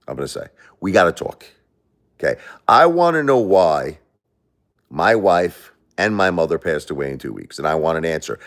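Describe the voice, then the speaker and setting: Middle-aged American man, deep voice, livestream host, blunt and emotional. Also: sing-song, moderate pace. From United States. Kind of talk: livestream rant.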